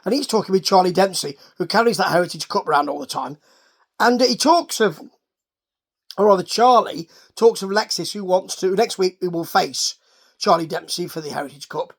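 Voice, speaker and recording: A man's voice: high-pitched, animated, moderate pace. Rambling man recapping wrestling. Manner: wry, rambling, full of asides and restarts. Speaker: wrestling show reviewer.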